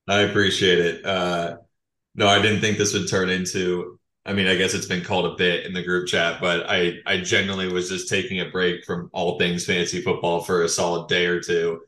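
A man guest on a podcast talking in a relaxed, easygoing way. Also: low voice, moderate pace, echoey room. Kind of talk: casual podcast chat.

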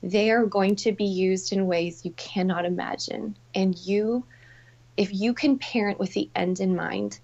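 A woman's voice: medium pitch, steady tone, a little slow. Heartfelt woman, dull lo-fi sound. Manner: heartfelt, fillers and soft asides. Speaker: parenting expert guest. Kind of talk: conversational podcast talk.

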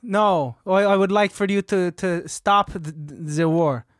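A woman's voice: medium pitch, a little slow, no room sound, studio quality, close to an everyday voice. Woman playing a stammering clueless general. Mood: bumbling. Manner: hesitant, stammering. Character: bumbling male general, clueless with phones. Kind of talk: improv comedy scene.

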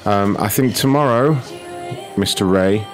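A very low-pitched man hosts a prank call stream, trading rude deadpan insults with callers. Faint music plays under his voice. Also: measured pace. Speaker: prank call show host. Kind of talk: prank call livestream chat.

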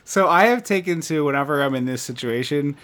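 Male podcast co-host, relaxed and chatty, quick to laugh. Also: fairly high pitch, slight background noise. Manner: laughs often, agreeable, frequent fillers. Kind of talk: casual chat.

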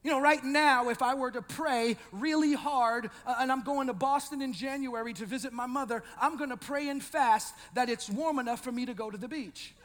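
High-voiced preacher in an echoing hall. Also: male voice, moderate pace, hardly any pauses. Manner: animated, shifts between loud shouting and quiet intensity; joking asides to the congregation. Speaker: pastor. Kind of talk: sermon.

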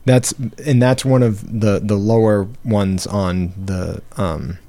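Man, very low voice, casual podcast talk, relaxed, hesitant with ums. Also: takes it slowly. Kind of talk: casual chat, reading out statistics.

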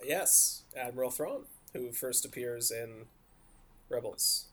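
A man's voice: mid-range voice, slow, fairly bright tone. Chatty man explaining to his co-host. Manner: explanatory, talkative, laughs often. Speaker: podcast co-host. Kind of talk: casual podcast discussion.

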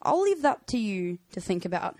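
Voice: medium pitch, big pitch swings, moderate pace, darkish tone, no room sound. A podcast co-host casually reading out fun facts in a playful, upbeat way.

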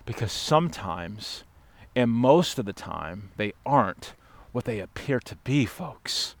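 A man delivers a sermon with fervent, repetitive emphasis, calling his congregation to lean in. His pitch sits in the middle range, and his voice surges loud, then sinks to hushed asides. The sound is close and dry, with little room echo. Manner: impassioned, swinging between loud urging and hushed asides; repetitive, emphatic phrasing addressing the congregation directly. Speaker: pastor.

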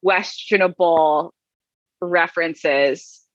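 A woman co-hosting a podcast in casual chat, sarcastic and animated. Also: fairly low pitch, extremely slow, no echo, lo-fi sound. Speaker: podcast co-host.

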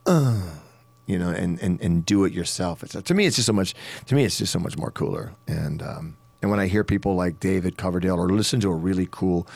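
A man's voice: low voice, creaky, a little mellow, dry recording. A man who sings rock talking casually about vocal technique, rambling with many restarts and little demonstrations. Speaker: rock singer and studio vocalist. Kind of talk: casual podcast chat.

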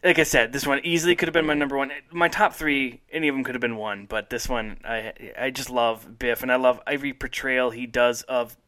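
A man's voice: mid-range voice, steady tone, fairly quick, hardly any pauses, bright, forceful tone. A man hosting a casual podcast chat, rambling enthusiastically and laughing often. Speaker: podcast host.

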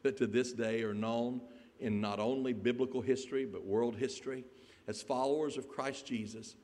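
A man preaching a sermon, telling a Bible story in an animated way and putting questions to the congregation. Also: medium pitch, normal speed. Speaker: pastor. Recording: echoey hall.

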